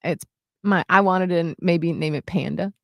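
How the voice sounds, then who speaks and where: A woman's voice: fairly low pitch, measured pace, gravelly, no room sound, clean studio sound. A woman co-hosting a radio show, chatting casually and telling a story with lots of acted-out quotes. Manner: animated storytelling, acts out quotes in voices. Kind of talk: casual chat.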